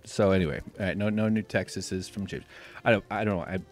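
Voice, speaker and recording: A man from the United States hosting a live stream, talking in a rambling, sarcastic way with deadpan jokes. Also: deep voice, fast, soft background music. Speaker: livestream host. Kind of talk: casual live-stream chat.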